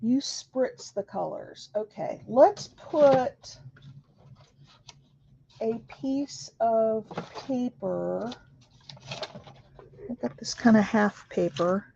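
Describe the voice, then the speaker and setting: A woman's voice: on the high side, very slow, creaky, pauses often, dark tone, a little hiss or hum. A woman hosting a craft video, chatting casually and asking questions as she works. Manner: chatty, asks questions while working. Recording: dry, dull lo-fi sound.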